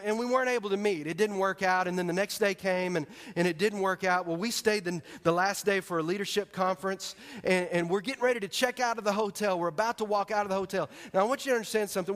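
A man's voice: sits high, a bit bright. A man preaching a sermon as pastor, telling a personal story with emphasis and speaking straight to the congregation.

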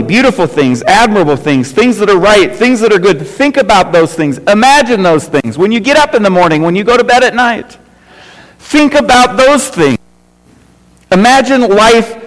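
Middle-aged male pastor, high-pitched, conversational sermon, repetitive and questioning, echoing sanctuary. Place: church sanctuary. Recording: reverberant church hall.

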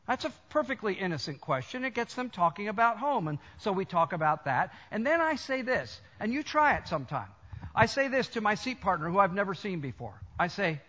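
Older American male preacher, emphatic storytelling sermon delivery, sharp tone. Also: high-pitched, very animated, a little fast. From United States. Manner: emphatic, storytelling, addresses congregation directly. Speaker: preacher, college chancellor. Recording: dull lo-fi sermon recording.

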